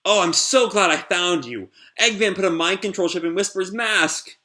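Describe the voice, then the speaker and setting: A man's voice: high-pitched, normal speed, sharp tone, pitched above the performer's own voice. A man reading a comic aloud and voicing a male impostor who talks in a falsely earnest, manipulative way. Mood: sly. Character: impostor hero, male, smooth and scheming.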